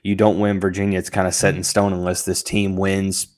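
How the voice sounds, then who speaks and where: A man hosting a sports podcast, thinking out loud with lots of fillers and restarts, who has the hiccups. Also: low-pitched, monotone, fairly quick. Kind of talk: casual sports analysis podcast.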